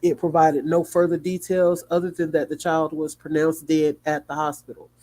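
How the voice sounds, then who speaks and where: A man's voice: fairly high pitch, level tone, warm tone. Sleepy man reading news aloud. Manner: reads haltingly with small slips and asides. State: sleepy, yawning. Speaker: livestream host.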